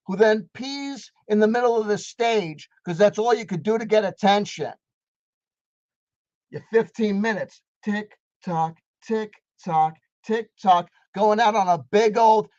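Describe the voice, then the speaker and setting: A man's voice: high voice, a little mellow, no echo. Guy ranting sarcastic and cussing about some clip, kinda muffled dead-dry sound. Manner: sarcastic, profane, heated. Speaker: commentator reacting to a video. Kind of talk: ranting video commentary.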